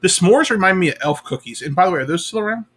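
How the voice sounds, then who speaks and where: A man co-hosting a casual chat, upbeat and curious, firing off quick questions. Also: sits high, lively intonation, a bit bright.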